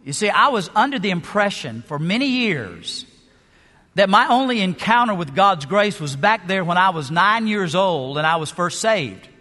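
Man, pastor, emphatic sermon, high voice, long hall reverb. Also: very animated, moderate pace. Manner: emphatic preaching, varied pace and loudness, rhetorical questions.

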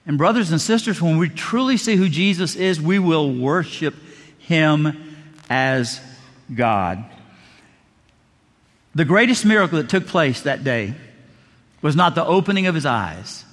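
A male pastor preaching a sermon, dramatic, slowing and dropping low on key words. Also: lively intonation. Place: church sanctuary. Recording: long reverb of a large hall.

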